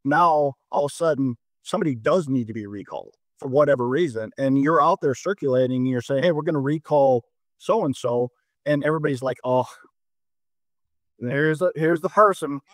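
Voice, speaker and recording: A middle-aged mayor, a man from North Dakota, talks through a casual discussion in a voice of medium pitch. He stumbles and repeats words as he tells a story. The sound is dry and close. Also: normal speed, no echo. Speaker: mayor, guest.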